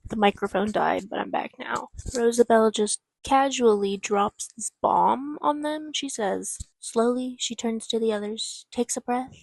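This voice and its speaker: A young woman in a casual reading vlog, excitable and rambling, swearing freely as she reacts. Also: a little high, moderate pace, gravelly, few pauses, no room sound. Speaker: book vlogger.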